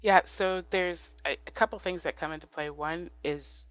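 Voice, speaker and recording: A woman guest on a podcast interview, talking in a thoughtful, relaxed way with many fillers and restarts. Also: on the low side, normal speed, no room sound. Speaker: guest, ranked choice voting advocate.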